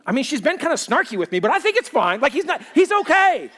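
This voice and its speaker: A man's voice: extremely high pitch, sing-song, fast talker, a bit bright, pitched above the performer's own voice, heavily acted. A male pastor voicing an easygoing male God who muses casually in a sermon. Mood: unbothered. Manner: casual, offhand musing.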